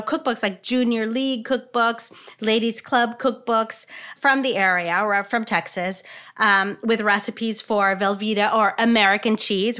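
A woman's voice: medium pitch, sharp tone. A woman co-hosting a podcast about food, explaining in a casual chat with many fillers. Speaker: podcast co-host.

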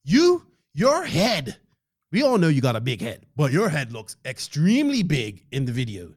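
A man hosting a casual podcast, joking, excitable and swearing freely while he thanks sponsors and chats with a guest over a remote call. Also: medium pitch, brisk, no room sound, clean studio sound. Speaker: podcast host. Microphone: podcast microphone, remote call.

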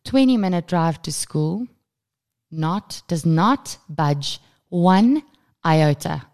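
Animated storytelling woman, low voice. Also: slow pace. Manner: animated storytelling, acts out screaming child, swears freely. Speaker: podcast co-host. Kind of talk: casual chat.

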